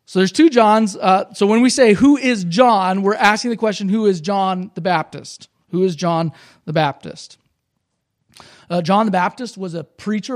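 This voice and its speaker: A man with a notably high voice preaches a sermon at a church service. He teaches in a relaxed, conversational way, going back over each point so the congregation can follow. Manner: conversational, explanatory, repeats points for emphasis. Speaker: pastor.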